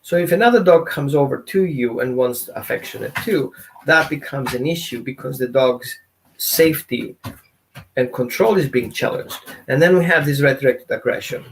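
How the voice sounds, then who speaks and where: A man's voice: mid-range voice, normal speed, a little hiss or hum. A man teaching as a dog trainer in a casual, conversational way, often asking his audience questions. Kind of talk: informal teaching talk.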